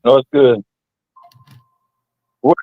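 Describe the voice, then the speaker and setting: A man's voice: very slow, no echo. Man calling in over a tinny line. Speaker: caller. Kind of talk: casual call-in podcast.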